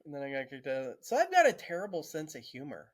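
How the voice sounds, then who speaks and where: A man's voice: fairly high pitch, huge pitch swings, fast talker, heavy background noise. A man, a podcast co-host telling stories casually, laughing through them and swearing freely. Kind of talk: casual storytelling.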